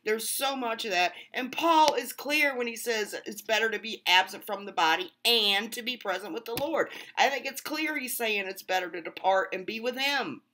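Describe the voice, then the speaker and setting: A woman's voice: a little high, moderate pace, hardly any pauses, sharp tone, a little hiss or hum. A woman hosting her own channel, giving earnest, emphatic Bible commentary and talking straight to her viewers. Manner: earnest, emphatic, exasperated at rival interpretations. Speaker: Christian video host. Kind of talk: casual direct-to-camera Bible commentary.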